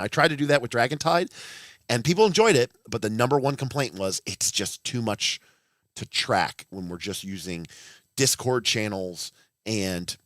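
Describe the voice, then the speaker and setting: A man's voice: fairly low pitch, fairly bright tone, no echo, studio quality. A man in his thirties hosting a casual livestream, rambling with blunt, profane asides and frequent restarts. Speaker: livestream host.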